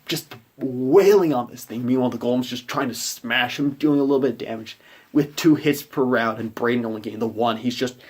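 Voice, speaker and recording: A man's voice: mid-range voice, brisk, husky. A man who runs a tabletop game, giving a rambling, conversational recap of a session and acting out his players' reactions. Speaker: game master.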